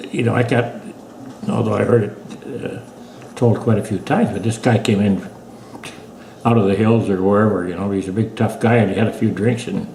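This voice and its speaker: A man's voice: on the low side, creaky, warm tone. A man, telling old family stories in a folksy, meandering way. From British Columbia, Canada. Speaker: family elder recalling the past. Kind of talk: rambling oral history storytelling. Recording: echoey room with faint hiss.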